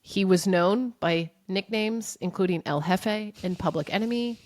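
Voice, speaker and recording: A young adult woman co-hosting a podcast, telling a story in an animated, chatty way. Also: mid-range voice, a little slow, no echo. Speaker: podcast co-host. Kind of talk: casual chat.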